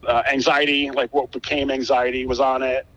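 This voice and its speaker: Brief: chatty guest musician, man, swears freely, muffled low-fi recording. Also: moderate pace, no room sound. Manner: animated, profane, acts out quoted dialogue. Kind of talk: casual storytelling interview.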